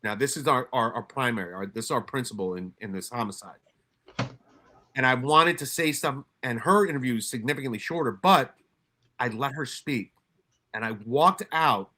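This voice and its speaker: A man's voice: mid-range voice, moderate pace, bright, forceful tone, slight background noise. A middle-aged man, a former homicide detective, telling blunt, profane stories at a workshop with frequent restarts. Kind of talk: candid storytelling talk.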